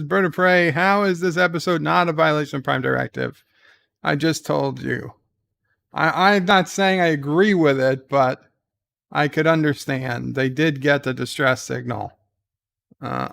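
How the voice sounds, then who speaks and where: A man hosting a relaxed live watch-along, retelling scenes in his own words and answering chat questions as they come in. His voice sits a little high but carries a gravelly rasp at the edges, with a smooth, resonant core. The sound is close and dry. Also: a little slow, no echo. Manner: loose recapping of scenes, reads viewer chat questions aloud; thinks out loud with fillers and restarts. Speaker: live commentary host. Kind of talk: casual live episode commentary.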